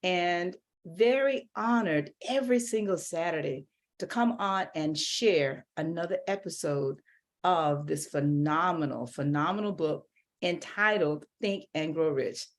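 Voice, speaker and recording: A woman's voice: fairly low pitch, a little slow. A woman hosting a book discussion podcast, speaking emphatically and repeating her key phrases. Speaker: podcast host.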